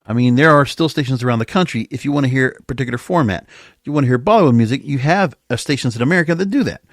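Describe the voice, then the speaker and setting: A man's voice: mid-range voice, very fast, no room sound, clean studio sound. A man hosting a solo podcast, giving impassioned, opinionated commentary and breaking off into sarcastic asides and rhetorical tag questions. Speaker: podcast host.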